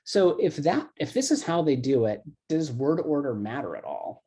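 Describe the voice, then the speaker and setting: A man's voice: a little high, sing-song, normal speed, warm tone, breathy edge. A middle-aged man, a classics professor, explaining grammar casually in an online lecture, loose and chatty with lots of "um" and "kind of".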